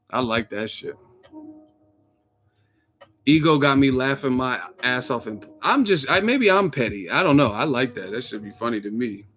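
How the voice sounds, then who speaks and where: A man's voice: medium pitch, animated, unhurried, pauses often, a bit bright, faint music behind. A man from the Bay Area hosting his own channel, giving a casual, joking, profane rant that is full of acted-out quotes. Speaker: boxing commentary channel host.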